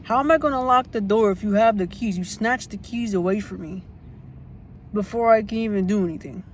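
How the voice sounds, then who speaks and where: Storytime vlogger, mid-range pitch, fired up and repetitive, cursing casually, light background hiss. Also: a little fast. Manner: blunt and indignant, swears freely; repeats points for emphasis.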